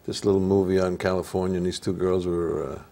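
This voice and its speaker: A man's voice: sits low, little pitch movement, fast talker, creaky, dark tone. An older man with an Italian-American accent and a nasal voice, telling stories as an actor guest in a casual interview. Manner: storytelling, easygoing.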